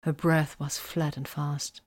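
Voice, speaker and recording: A woman reading romantic fiction aloud in a soft, breathy voice that often drops near a whisper. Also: low-pitched, level tone, slow. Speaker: narrator.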